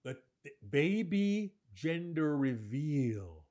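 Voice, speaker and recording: Animated male speaking coach. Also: on the high side, takes it slowly, noisy background. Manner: animated, acts out examples. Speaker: podcast co-host, speaking coach. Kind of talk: live podcast discussion.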